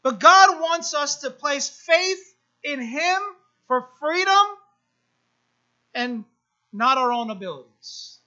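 A woman's voice: high-pitched, expressive, slow pace, bright, forceful tone. A woman pastor preaching a sermon, repeating phrases and building emphasis, with asides to the congregation. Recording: dull lo-fi sermon recording.

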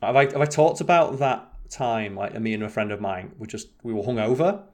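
A man's voice: lowish voice, lively intonation, fairly quick, a little mellow. Brief: young guy, casual podcast co-host, meandering and profane storyteller. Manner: rambling, swearing, many restarts.

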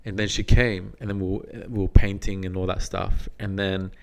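A man's voice: sits low, flat delivery, normal speed, vocal fry, a little hiss or hum. A man co-hosting a podcast, telling a story in a casual, rambling way with frequent restarts. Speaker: podcast co-host.

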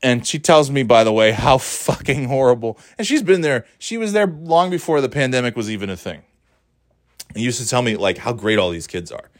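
A man's voice: medium pitch, fairly quick, dry recording, studio quality. A middle-aged man talking in a casual, rambling monologue, profane and sardonic, often restarting his sentences.

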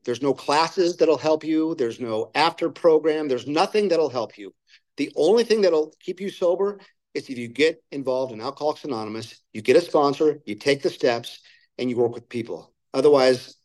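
A man's voice: a little high, normal speed, darkish tone, low-quality recording. A man sharing his personal recovery story at a meeting, candid and plain-spoken, acting out the voices of people he quotes. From Southern California. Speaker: main speaker at a recovery meeting. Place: meeting room.

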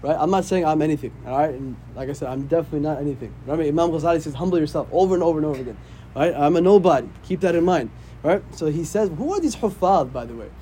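An imam teaches a casual religious class in a fairly high, dark-toned voice, talking rapid-fire over slight background noise. His manner is conversational, and he often checks in with "right?"

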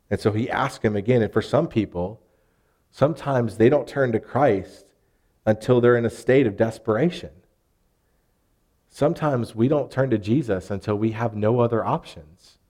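A man's voice: lowish voice, normal speed, long pauses, dark tone. A man in his thirties from Arkansas with a Southern US accent, preaching a sermon in an earnest, conversational way with rising emphasis. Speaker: pastor.

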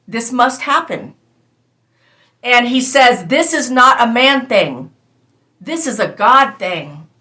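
A woman's voice: on the high side, lively intonation, takes it slowly, pushed and bright. A woman sharing a prophetic word in an earnest, conversational way, talking straight to her listeners. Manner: earnest, conversational, addresses listeners as "you guys". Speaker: prophetic preacher.

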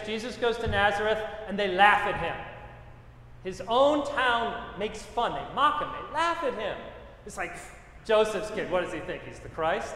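A man's voice: sits high, sharp tone. A middle-aged man, a pastor, preaching a sermon with emphatic repetition and personal stories. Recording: echoey hall with long reverb.

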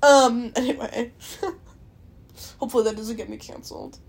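A woman's voice: fairly high pitch, fairly even intonation, moderate pace, vocal fry, husky. A young Canadian woman hosting a podcast, rambling casually, swearing a lot and laughing often. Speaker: podcast host. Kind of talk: casual solo chat.

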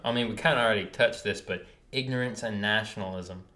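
Speaking fairly quickly in a lowish, pushed, bright voice, this US podcast co-host gets passionate and emphatic, ranting through a casual show. The room adds a noticeable echo.

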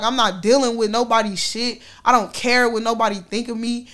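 With a voice that's a little high and a bit bright, a woman vlogger casually recounts a personal story to her viewers. She talks frankly with slang and profanity, and she laughs often.

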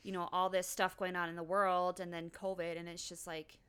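A woman's voice: lowish voice, little pitch movement, moderate pace, fairly bright tone, clean tone. A woman in her thirties co-hosting a casual podcast, agreeing often and chiming in. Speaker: podcast co-host. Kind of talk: casual chat.

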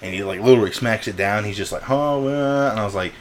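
Talking very fast in a fairly low voice, a young podcast co-host spins stories in casual conversation over slight background noise. He acts out quotes with animation, punctuated by bursts of laughter.

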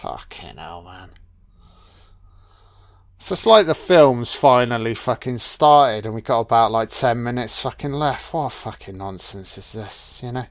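A man's voice: mid-range voice, lively intonation, a little slow. A man giving profane, sarcastic reaction commentary on a film.

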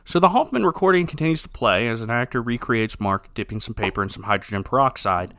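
A man hosting a podcast in casual chat, animated and incredulous, laughing often. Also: mid-range voice, fast, no echo, studio quality. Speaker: podcast host.

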